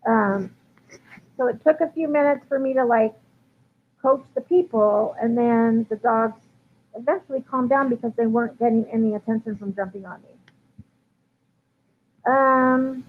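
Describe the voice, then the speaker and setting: A woman's voice: on the high side, measured pace, long pauses. A woman dog trainer answering viewer questions in a casual live stream, chatty with frequent ums and likes. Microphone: livestream computer mic. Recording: tinny phone-like line with faint hiss.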